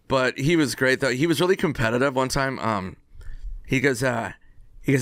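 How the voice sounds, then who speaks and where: A man on a podcast telling a casual anecdote in an animated way, acting out the quoted dialogue. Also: mid-range voice, normal speed, no echo, clean studio sound. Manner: animated storyteller who acts out quoted dialogue. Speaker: podcast guest.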